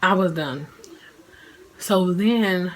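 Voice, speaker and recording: Here a woman in her twenties recounts her own experience in a casual vlog, drawing out her words in a voice on the low side. "Like" comes up often and she laughs as she speaks. It's a low-quality recording.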